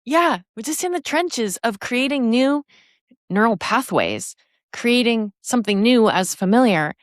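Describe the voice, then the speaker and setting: Podcast host, woman in her 50s, lively emphatic storyteller, dry close sound. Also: on the high side, unhurried, dry recording. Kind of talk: casual chat, storytelling.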